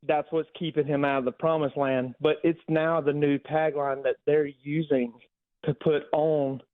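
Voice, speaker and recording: Male caller, earnest and rambling, slightly high voice, tinny phone line. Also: flat delivery, no room sound. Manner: earnest, a bit rambling, pauses often. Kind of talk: phone-in question.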